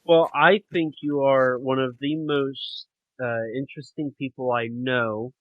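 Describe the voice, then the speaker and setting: A man's voice: mid-range voice, fairly even intonation, a little slow. A man hosting a podcast interview, speaking briefly and dryly with some hesitation. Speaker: podcast host. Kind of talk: casual interview chat. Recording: tinny phone-like line, dry.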